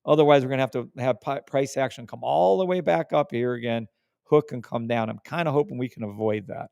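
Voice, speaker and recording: A man with a gravelly, darkish, mid-range voice talks a little fast while hosting a live trading stream, with no room sound. Casual and emphatic, he repeats words for stress and swears when riled up.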